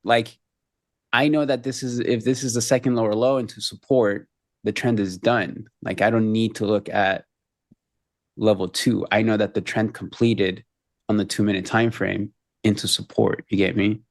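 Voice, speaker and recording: A man's voice: fairly low pitch, level tone, no echo, clean studio sound. A man co-hosting a live trading show, chatting casually and joking about his trades. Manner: quick, joking banter.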